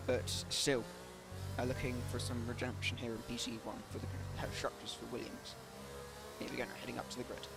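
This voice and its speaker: A man giving live commentary on an online racing league stream, with many ums and quick self-corrections. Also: medium pitch, little pitch movement, creaky, loud music behind the voice.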